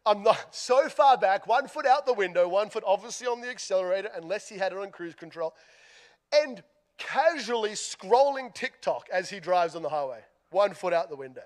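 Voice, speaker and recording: A man with an Australian accent telling a humorous story in a sermon, self-deprecating and lively, with big shifts in loudness. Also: high-pitched, moderate pace.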